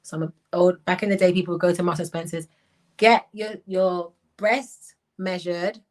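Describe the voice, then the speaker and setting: A middle-aged woman from Jamaica with a Jamaican accent, hosting a casual livestream, talking in an animated, blunt way and mixing in patois. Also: lowish voice, moderate pace, poor audio. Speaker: livestream host reading viewer chat.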